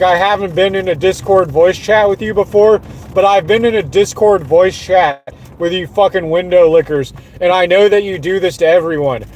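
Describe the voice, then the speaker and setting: Angry streamer, male, high voice, repetitive and profane rant. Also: a little mellow, a little hiss or hum, low-quality recording.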